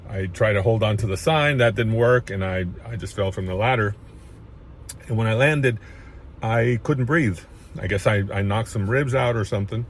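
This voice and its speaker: Man, low pitch, rambling personal storyteller with many restarts and emotional moments, faint noise behind. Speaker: chiropractor sharing his story.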